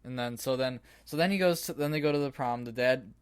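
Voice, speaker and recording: Brief: relaxed male podcast co-host, mid-pitched voice, dry close mic. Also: fairly quick, smooth, no echo. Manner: laid-back, filler-heavy retelling with self-corrections. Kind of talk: casual movie review chat.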